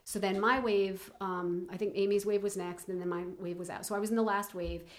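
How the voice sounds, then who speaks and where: A middle-aged woman telling a personal story in an interview, halting with many fillers and restarts. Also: mid-range voice, steady tone. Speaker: guest.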